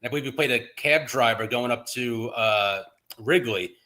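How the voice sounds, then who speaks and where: A man's voice: medium pitch, normal speed, sharp tone. A man co-hosting, asking a guest a hesitant question. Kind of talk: casual interview.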